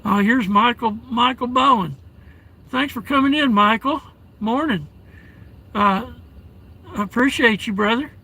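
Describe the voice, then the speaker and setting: Affectionate high-voiced man streaming live. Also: gravelly, sharp tone, breathy edge, low-quality recording. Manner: friendly, calls viewers darling and brother, halting restarts. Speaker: live streamer reading chat. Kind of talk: casual live stream chat. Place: inside a parked vehicle at home during a blizzard.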